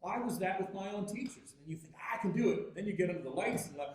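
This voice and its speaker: A Canadian man giving a lively, jokey workshop talk on music and practice, telling stories and acting out voices. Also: racing. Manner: animated, jokey, acts out voices with big pitch jumps. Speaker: guest teacher at a music workshop. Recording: very echoey hall, distant mic.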